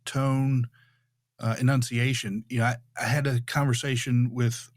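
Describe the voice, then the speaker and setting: A man hosting a podcast interview about public speaking, talking in a relaxed, conversational way. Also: medium pitch, unhurried, no echo, clean studio sound. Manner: conversational, with frequent restarts.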